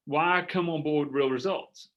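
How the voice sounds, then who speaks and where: A man's voice: on the high side, a little slow, dull audio. Earnest middle-aged male business coach. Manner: earnest, animated, acts out sample dialogues. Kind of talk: coaching workshop talk.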